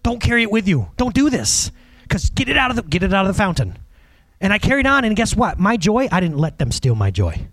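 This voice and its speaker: A man's voice: sits high, fairly quick, dry recording. A man preaching a casual, conversational sermon, telling personal stories, acting out other people and chuckling along the way. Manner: animated storyteller, acts out other people, chuckles often.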